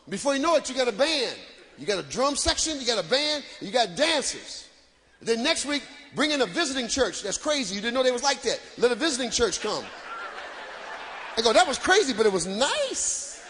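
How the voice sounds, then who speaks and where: A man performing live stand-up comedy, loud and animated, shouting punchlines to the crowd from a stage. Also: very high voice, slight background noise. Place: stage before a live audience.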